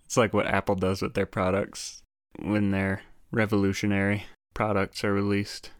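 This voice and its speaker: A man co-hosting a casual history podcast, trading deadpan jokes and wry asides. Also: on the low side, normal speed, clear, resonant tone, no room sound, clean studio sound. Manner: deadpan joking banter. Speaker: podcast co-host.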